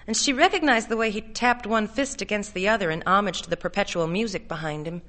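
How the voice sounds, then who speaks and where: A woman narrating a short story with a bright, clear tone. Her delivery is measured and steady, moving evenly through long descriptive passages. The pitch sits in an ordinary middle range. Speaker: reader. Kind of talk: literary story reading.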